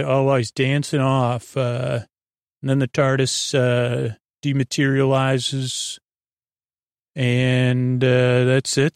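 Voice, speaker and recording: A man's voice: mid-range voice, gravelly, no room sound, clean studio sound. A man hosting a sleep podcast, recapping an episode in a meandering, laid-back way with lots of fillers. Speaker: podcast host.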